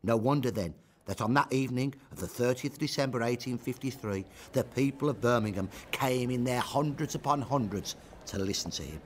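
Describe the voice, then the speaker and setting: A man narrating a scripted historical account, measured, with rhetorical questions. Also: medium pitch, a little hiss or hum.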